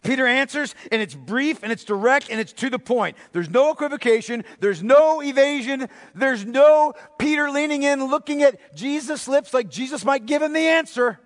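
A man preaching a sermon as pastor, emphatic, asking the congregation rhetorical questions and dropping to a hushed voice for effect. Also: very high voice, normal speed, few pauses, long reverb tail. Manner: dramatic drops to a hushed voice.

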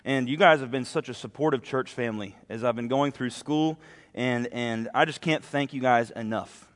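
A young adult man preaches his first sermon to his home church, earnest and a bit nervous, frequently asking the congregation "right?". His voice is medium-pitched and slightly bright at a normal speed, and the church sanctuary gives the recording a long reverb.

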